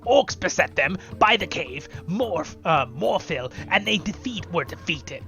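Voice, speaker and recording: A man's voice: high voice, lively intonation, a little slow, bright, forceful tone, faint music behind, voice pushed up, exaggerated voice. A man voicing a grieving, vengeful male warrior from a game, grave and bitter.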